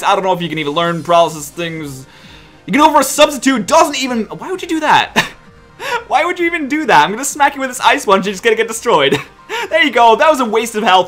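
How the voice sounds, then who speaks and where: A man's voice: high-pitched, a bit bright. A young man giving live commentary over his own competitive game, exasperated and self-mocking, often talking straight to his opponent. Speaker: gaming commentator.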